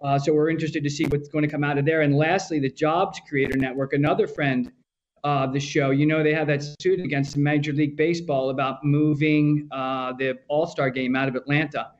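A man's voice: fairly high pitch, little pitch movement, a little fast, lo-fi sound. A man giving a casual rundown of legal news, easygoing and filler-heavy.

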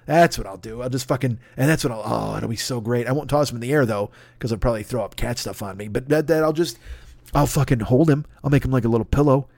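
A man's voice: mid-range voice, quick pace, gravelly, darkish tone, no echo. A man hosting a comedy podcast, riffing through a profane, rambling monologue and sliding into silly voices. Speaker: podcast host.

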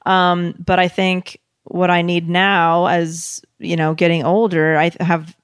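A young woman chats on a podcast in a loose, rambling way, filling gaps with fillers and the odd swear word. Her voice is slightly hoarse yet still smooth. It sits close and dry on the mic. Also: lowish voice, level tone, slow, no room sound. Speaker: podcast co-host. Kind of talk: casual chat.

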